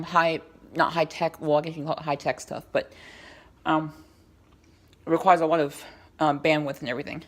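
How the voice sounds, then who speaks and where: A woman hosting a casual tech vlog at home, talking around a lozenge in her mouth, rambling and hesitant with many ums and restarts as she walks between rooms. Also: lowish voice. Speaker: tech vlogger. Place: in a house, walking between rooms.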